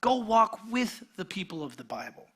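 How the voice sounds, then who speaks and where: Male pastor, sermon, conversational, quiet passages and animated bursts, high voice. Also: moderate pace, breathy edge. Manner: shifts between quiet intimate passages and energetic animated retelling; conversational, with restarts and filler words.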